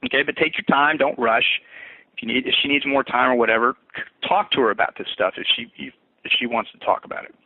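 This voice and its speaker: A man's voice: mid-range voice, brisk, dry recording. A man walking trainees through a sales script in a conversational training session, often repeating words as he restarts. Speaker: fitness business coach. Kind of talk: recorded sales training walkthrough. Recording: tinny phone-like audio.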